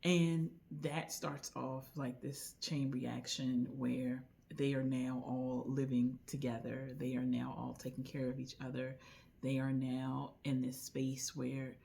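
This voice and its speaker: A woman recommending a book in a casual, chatty way, retelling the story with lively asides. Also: extremely low pitch, unhurried, gravelly, slight background noise. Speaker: book reviewer.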